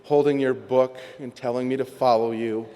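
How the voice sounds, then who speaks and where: A man speaking at a recovery meeting, telling his personal story in an animated, self-mocking way. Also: mid-range voice, moderate pace, clean tone. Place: meeting hall. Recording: long reverb from a large hall.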